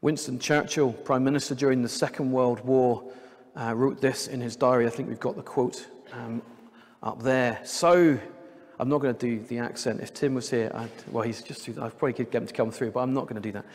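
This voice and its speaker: A man's voice: medium pitch, steady tone, a little fast, darkish tone. A man preaching a sermon during a church service, talking in a conversational way and adding light jokes. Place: church sanctuary. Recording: long church hall reverb.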